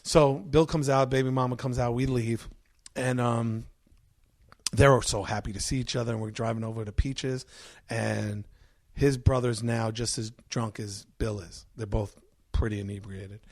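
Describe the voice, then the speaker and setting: Gravelly-voiced man telling a wild story. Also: medium pitch, moderate pace. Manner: animated, profane storytelling. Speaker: podcast guest. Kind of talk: storytelling in casual chat.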